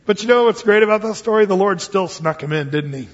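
High-voiced pastor teaching in a reverberant hall. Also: male voice, fairly quick. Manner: lively storytelling with acted-out quotes. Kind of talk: Bible study teaching. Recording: dull lo-fi sound with long hall reverb.

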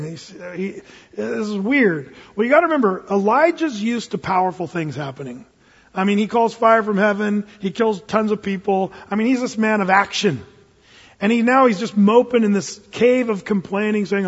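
A male pastor preaching a sermon, animated, acting out characters from scripture with big swings in pitch and loudness. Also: normal speed, husky. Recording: muffled recording with long hall reverb.

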